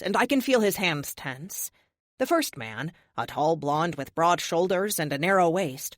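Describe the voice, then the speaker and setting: Lively wry woman narrating an audiobook. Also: on the low side, no echo, clean studio sound. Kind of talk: first-person audiobook narration.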